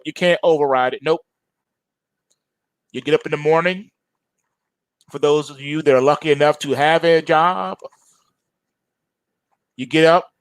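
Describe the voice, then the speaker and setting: A man's voice: a little high, clear, resonant tone, no echo. A man hosting a trading show, delivering an urgent lecturing warning to viewers with mocking rhetorical asides. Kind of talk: warning monologue.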